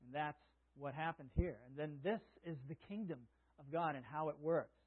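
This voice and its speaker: A man's voice: a little high, normal speed. A man preaching a sermon, reading scripture aloud and explaining it in a conversational way. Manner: conversational preaching, reads scripture aloud, chuckles at own asides. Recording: tinny phone-like sound.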